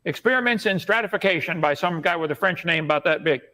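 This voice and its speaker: A man's voice: fairly high pitch, lively intonation, fast talker, pushed and bright. A man arguing in a debate, lecturing at length in an assertive way. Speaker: debate guest. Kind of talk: debate argument.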